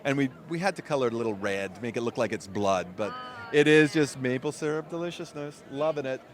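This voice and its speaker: Guy gushing about snacks outside at a theme park, handheld mic, mid-pitched voice. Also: fairly quick. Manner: enthusiastic, rambling food descriptions. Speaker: food and beverage staff. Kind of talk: casual interview.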